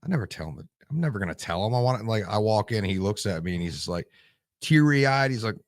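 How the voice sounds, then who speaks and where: A man's voice: fairly low pitch, lively intonation, fast talker, no room sound, clean studio sound. A man in his forties from Michigan, a veteran guest telling stories bluntly and with lots of swearing in a casual interview. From Michigan, USA. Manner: blunt and profane, rambling.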